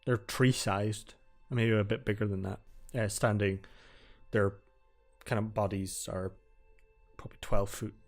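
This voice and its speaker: A man running a tabletop fantasy game, narrating scenes calmly with hesitant fillers. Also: lowish voice, measured pace, faint music behind. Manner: calm, descriptive, with hesitant fillers. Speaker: game master.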